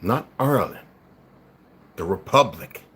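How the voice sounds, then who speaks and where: A man speaking live to his viewers in a combative monologue, dropping to low mutters and rising to loud, emphatic outbursts, with occasional laughs and repeated words. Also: expressive, a little slow. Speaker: livestream commentator.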